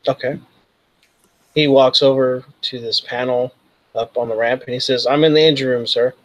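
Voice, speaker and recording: A man's voice: medium pitch, fairly even intonation, normal speed, dry recording, rough recording. A man narrating as game master, loosely and with many fillers. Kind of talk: narrating a tabletop role-playing game.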